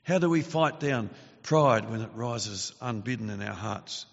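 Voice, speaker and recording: Man giving a sermon, earnest and steady, gets loud on the bible quotes, dull lo-fi audio with a long echo. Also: fairly low pitch. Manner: earnest, measured, rises in force when quoting scripture. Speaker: preacher. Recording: dull lo-fi sound with long reverb.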